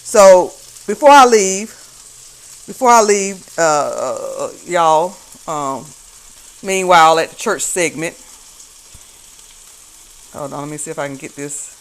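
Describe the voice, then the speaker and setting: A woman's voice: low voice, animated, measured pace, long pauses, rough recording. A woman hosting a casual talk stream, commenting in a chatty, folksy way with frequent laughs and trailing fillers while she cooks in her kitchen. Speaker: host commenting on church videos. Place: home kitchen while cooking. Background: faint frying and sizzling.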